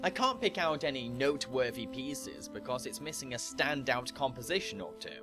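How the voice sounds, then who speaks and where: A man's voice: medium pitch, lively intonation, normal speed, over music. A man narrating a scripted review, opinionated and critical. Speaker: anime reviewer.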